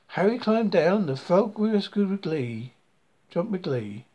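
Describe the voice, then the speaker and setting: A storyteller reading a rhyming children's book aloud in a slow, singsong way. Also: mid-range voice, very animated, warm tone.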